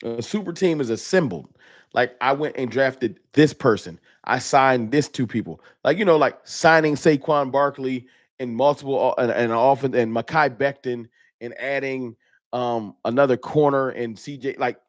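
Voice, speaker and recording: A man's voice: medium pitch, normal speed. A man hosting a live stream, ranting heatedly and swearing with repetitive, emphatic points in a casual talk.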